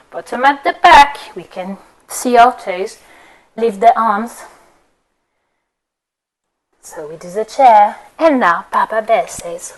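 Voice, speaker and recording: A woman telling a story as a kids' yoga class, high-pitched and very lively in her intonation. She talks slowly and playfully, guiding the poses. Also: poor audio. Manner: playful, expressive, sing-song. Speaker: kids yoga teacher.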